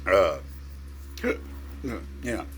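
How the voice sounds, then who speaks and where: A man with the hiccups talking casually to camera, halting and full of filler words. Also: a little hiss or hum. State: has the hiccups. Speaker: vlogger. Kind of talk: rambling casual monologue.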